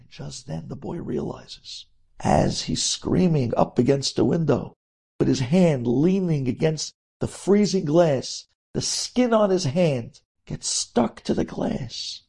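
A man, a rabbi, telling a dramatic story, swinging between hushed moments and emphatic ones. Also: a little high, lively intonation, takes it slowly, creaky, husky.

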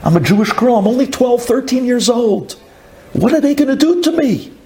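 A man's voice: on the high side, unhurried, a little mellow, a little hiss or hum. A man voicing a frightened young captive girl who pleads through tears.

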